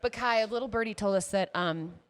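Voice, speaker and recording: A woman's voice: medium pitch, fast talker, crowd noise. A woman co-hosting a podcast, bubbly and chatty, with lots of fillers. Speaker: podcast co-host. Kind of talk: casual chat.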